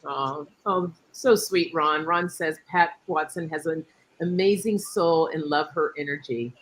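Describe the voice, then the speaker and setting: A woman's voice: sits low, measured pace. A middle-aged woman hosting a casual live-stream chat, affirming her guest and reading viewer comments aloud. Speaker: host.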